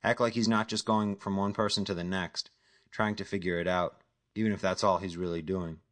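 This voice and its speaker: Low-voiced male audiobook narrator. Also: fairly quick. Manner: steady, matter-of-fact storytelling. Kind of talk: scripted narration.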